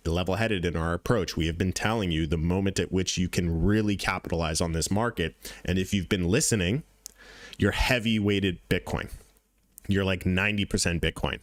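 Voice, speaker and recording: A man's voice: low voice, dry recording, studio quality. A man hosting a crypto trading channel, giving casual market commentary over charts in a blunt, profane way, repeating points for emphasis.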